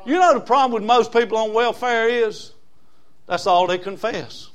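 Folksy preacher, high voice. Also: male voice, normal speed, smooth. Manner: folksy preaching, swings from loud emphasis to low asides. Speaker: pastor. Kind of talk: sermon.

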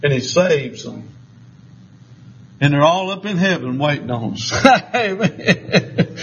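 An older man with a drawl preaches to his congregation, spinning folksy, joking stories. His voice sits high for a man, and the recording sounds a little dull and muffled. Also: slow pace. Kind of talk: sermon.

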